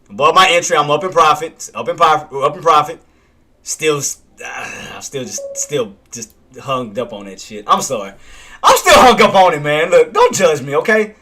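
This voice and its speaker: A man's voice: medium pitch, pushed and bright. A man doing casual live trading commentary, who swears at himself and keeps talking himself down. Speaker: day trader streaming live commentary.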